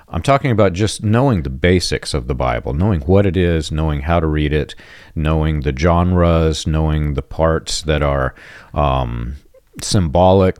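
A man with a very low, deep voice speaks in an earnest, emphatic way, circling back to repeat his key points. The sound is close and dry, with no room around it. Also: darkish tone, dry recording. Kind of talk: conversational commentary on religion.

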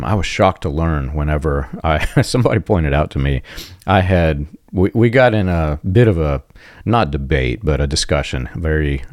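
A man's voice: a bass voice, darkish tone, no room sound, clean studio sound. A man talking earnestly about religious teaching, emphatic and given to repeating his main points. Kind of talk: conversational commentary on religion.

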